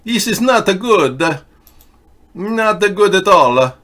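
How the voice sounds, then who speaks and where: A man putting on a mock Italian accent as an excitable older cleric figure, high and loud. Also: unhurried. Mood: indignant.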